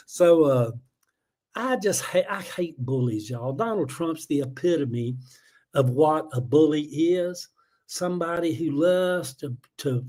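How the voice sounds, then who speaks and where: A middle-aged man from Atlanta with a Southern accent, hosting a casual livestream and ranting in a rambling, heated way full of fillers and chuckles. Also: fairly high pitch. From Atlanta, USA. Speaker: livestream host. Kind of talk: casual political rant.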